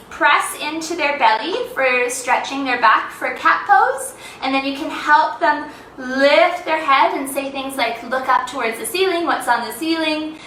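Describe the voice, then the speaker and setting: A woman's voice: sits high, sharp tone, echoey room, distant mic, slight background noise, rough recording. A young woman leading a children's yoga lesson, playful and sing-song, making animal sounds as she teaches.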